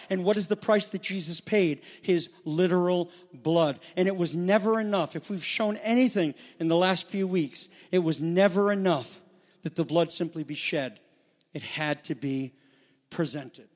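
High-voiced man preaching in a hall. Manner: rises to loud, high-pitched emphasis, then drops soft; asks the congregation rhetorical questions. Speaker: pastor. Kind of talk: sermon. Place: church sanctuary. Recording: reverberant hall.

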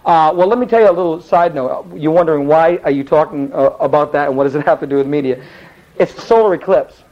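Rambling, high-voiced male Bible teacher. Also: fast talker, lo-fi sound. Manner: lively, rambling, many restarts. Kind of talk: animated Bible storytelling lesson.

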